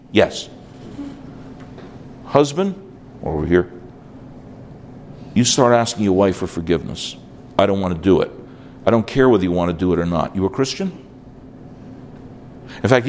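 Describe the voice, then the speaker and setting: An older man from New York preaching at a conference, animated, acting out little dialogues and dropping in asides. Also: on the low side, slight background noise. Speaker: conference speaker. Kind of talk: conference sermon.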